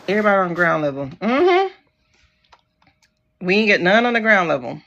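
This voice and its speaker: Woman streamer, AAVE, incredulous running commentary, voice swings high and low. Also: very animated, unhurried, a bit bright, dull audio. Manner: incredulous, talks back at the screen. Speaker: livestream host. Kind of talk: casual livestream commentary.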